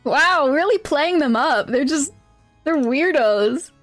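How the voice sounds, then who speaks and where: A woman's voice: high-pitched, animated, takes it slowly, no room sound, soft background music. A woman streamer chatting casually with her viewers during a game, giggling constantly and reacting playfully. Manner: giggly, laughs constantly between lines.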